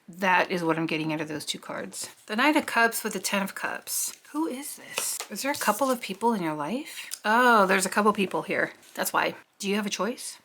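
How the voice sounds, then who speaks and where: A woman's voice: on the low side, fairly bright tone. A woman giving a casual tarot reading, chatty and rambling, often talking to herself and swearing offhandedly. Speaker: tarot reader.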